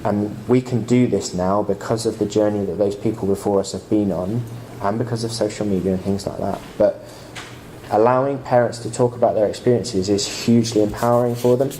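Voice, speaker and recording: A man giving an earnest, measured conference talk before introducing a poem. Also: lowish voice, steady tone, dark tone, slight background noise, low-quality recording. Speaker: conference speaker introducing a poet.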